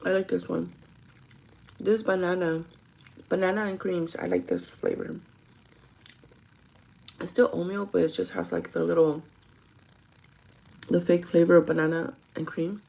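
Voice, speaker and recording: A woman's voice: level tone, measured pace, pauses often, mellow, rough recording. A young woman who is sick and losing her voice, chatting casually with her live-stream viewers, mixing English and Spanish. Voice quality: hoarse, deep for her. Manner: switches between English and Spanish. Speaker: vlogger talking to live chat.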